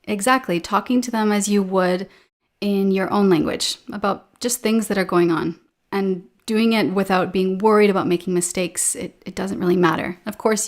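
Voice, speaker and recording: A woman in an animated, casual conversation, explaining her points with a ready laugh. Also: mid-range voice.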